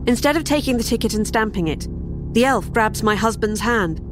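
A woman's voice: on the high side, animated, a little fast, noisy background. A woman narrating a first-person horror story in a wry, sardonic way.

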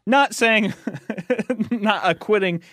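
A man's voice: high voice, slow, fairly bright tone, no room sound, clean studio sound. A young adult man hosting a podcast in casual chat, rambling and laughing often as he reacts to movies.

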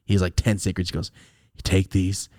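A young man hosting a podcast, telling a personal story in casual chat, animated, jumping from loud high bursts to low mutters. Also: brisk, dry recording, studio quality. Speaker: podcast host.

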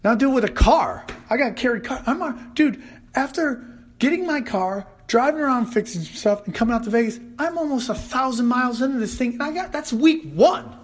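A male podcast host telling a comedic solo rant, animated and loud, shouting in the voices he quotes. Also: extremely high pitch, a little fast. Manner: animated storytelling, loud put-on yelling in quotes.

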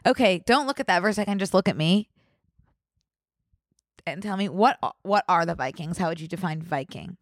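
A woman's voice: fairly low pitch, expressive, normal speed, pauses often, dry recording, studio quality. Chatty woman with a Northeast US accent. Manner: chatty, teasing, quizzing. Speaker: podcast co-host. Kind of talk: casual chat.

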